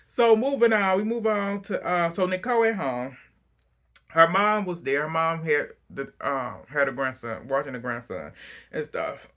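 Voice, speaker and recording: A man casually recapping a reality TV episode, chatty and opinionated, breaking into animated asides. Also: on the high side, unhurried.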